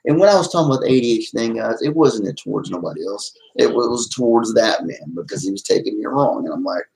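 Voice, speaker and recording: A middle-aged man talks to his live-stream chat in a rambling, off-the-cuff way, full of restarts. His voice sits fairly low and has a gravelly, fried edge. He swings between worked-up venting and sheepish apology. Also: lively intonation, fast talker, hardly any pauses, a little mellow, poor audio. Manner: rambling, agitated then apologetic, many restarts.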